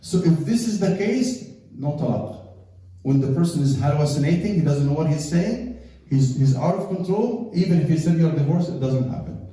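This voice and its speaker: Male Egyptian lecturer, native Arabic, animated storyteller, slightly high voice; roomy distant hall sound. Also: normal speed. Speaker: Islamic lecturer. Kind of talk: religious lecture to an audience. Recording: echoey hall, mic from far off.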